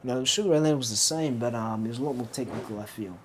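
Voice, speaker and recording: A man's voice: medium pitch, very fast. Rambling young man, laughing often. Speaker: podcast co-host. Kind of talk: casual chat. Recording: faint background noise.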